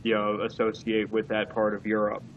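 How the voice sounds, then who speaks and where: A man's voice: on the low side, completely flat delivery, normal speed, phone-quality sound. A man co-hosting a casual wrestling chat, rambling with lots of fillers and restarts. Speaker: podcast co-host.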